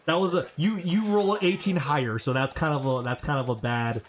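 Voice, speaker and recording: A man narrating as game master of a tabletop game, relaxed and halting, with many fillers. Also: a little high, slight background noise.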